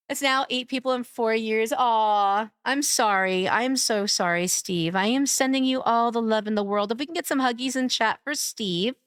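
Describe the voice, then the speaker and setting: A woman's voice: on the high side, moderate pace, a bit bright, smooth, dry recording, clean studio sound. A young woman streaming a game live, chatting casually and greeting viewers with cutesy baby talk.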